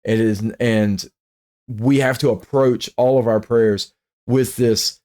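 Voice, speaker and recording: A man's voice: mid-range voice, fairly even intonation, slow, dark tone. A male pastor teaching a bible study in an earnest way, often repeating and restarting his words.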